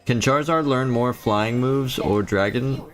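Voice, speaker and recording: A man's voice: medium pitch, a little slow, fairly bright tone, soft background music. A man from the Philippines, chatting casually on a live game stream and answering chat.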